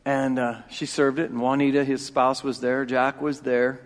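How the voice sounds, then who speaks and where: A man in his forties preaching a sermon as pastor, emphatic and repeating key phrases, swinging between loud and hushed. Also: mid-range voice, level tone, moderate pace. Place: church sanctuary. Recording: long reverb of a church hall.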